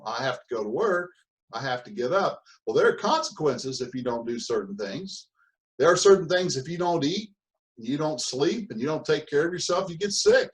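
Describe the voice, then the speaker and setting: A man's voice: medium pitch, low-quality recording. A man giving a motivational seminar talk on productivity, with punchy repetition and acted-out whiny voices. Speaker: mentor and speaker.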